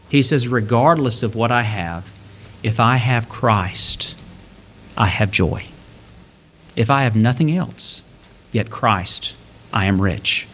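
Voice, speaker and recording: A man preaching a sermon, reading scripture verses aloud and explaining them, his delivery rising and then dropping low for emphasis. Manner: expository preaching, reads scripture aloud, swings between lifted and hushed delivery.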